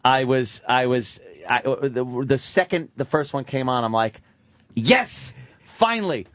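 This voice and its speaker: A man hosting a casual radio show, excitable and rambling as he talks to a guest. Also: medium pitch, measured pace, dry recording. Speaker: radio host. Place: radio studio. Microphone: studio microphone.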